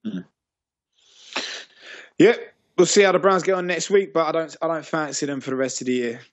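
A man's voice: a little high, fairly even intonation, normal speed, no echo. A man hosting a casual sports podcast, teasing his co-hosts as he moves the talk along. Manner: teasing, leads the segments. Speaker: podcast host. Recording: dull lo-fi sound.

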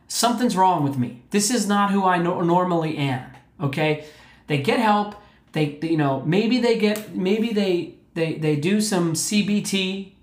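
Male podcast host, earnest and emphatic, keeps checking in with listeners; roomy echo on the recording. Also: high-pitched. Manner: emphatic, repetitive, checks in with "okay?". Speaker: mental health podcast host. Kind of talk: earnest motivational talk. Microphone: podcast mic.

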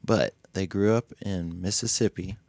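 Animated man telling a story, deep voice. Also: normal speed, no room sound. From Nashville music scene. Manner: animated, acts out voices and laughs often; swears freely. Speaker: podcast guest. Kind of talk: casual storytelling.

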